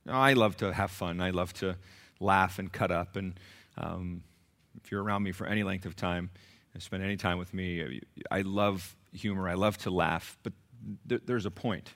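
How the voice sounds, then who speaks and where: A man preaching a sermon in a fairly low voice. He is emphatic and animated, pressing his points with rhetorical questions. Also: moderate pace, vocal fry. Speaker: pastor.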